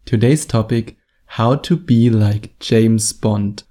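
A man's voice: on the low side, slow, warm tone. A man with a German accent hosting a solo podcast, joking and self-deprecating while he makes his points with emphasis. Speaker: podcast host. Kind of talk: casual solo podcast monologue.

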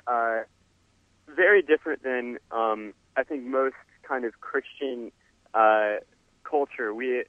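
Man, guest musician, earnest halting speech, phone line sound, dry. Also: medium pitch, dry recording. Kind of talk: earnest interview answer.

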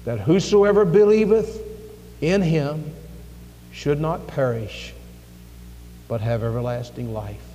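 A man in a church playing a gruff, hardened old army sergeant who speaks curtly to a dying soldier. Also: a little high, expressive, takes it slowly, pauses often, warm tone. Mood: earnest. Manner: gruff, curt. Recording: echoey hall with faint music.

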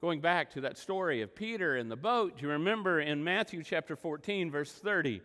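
A man preaching a sermon as pastor, emotional, swinging between loud emphasis and quiet asides. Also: a little high, lively intonation, fairly quick, in a large hall. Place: church sanctuary.

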